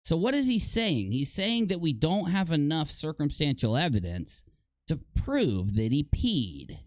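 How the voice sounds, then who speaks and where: A male live streamer riffing to his chat in a loose, sarcastic way, often laughing at himself. His pitch swings widely and sits a bit high for a man. The sound is close and dry, with little room around it. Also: sing-song, measured pace, a little mellow, no room sound. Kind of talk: casual live-stream commentary.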